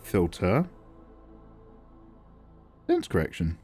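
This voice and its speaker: A man's voice: sits low, huge pitch swings, drawn-out words, mellow, husky, soft background music. A man chatting casually and self-deprecatingly on a live art stream while he draws, reading chat aloud.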